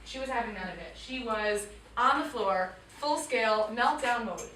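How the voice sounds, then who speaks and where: Lady teacher telling a story to students, kinda high voice, sounds far off in a roomy hall. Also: normal speed, a little hiss or hum. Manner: animated storyteller, acts out voices, drops to quiet tones. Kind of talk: storytelling talk to a school audience. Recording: echoey room picked up from far off.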